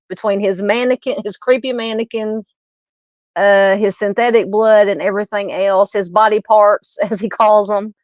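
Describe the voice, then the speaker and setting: A woman's voice: mid-range voice, dry recording, highs cut off. A woman in her fifties with a Southern US accent, hosting a true crime live stream and chatting casually with her viewers, with many fillers and restarts. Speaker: true crime channel host. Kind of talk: casual live stream chat reading comments.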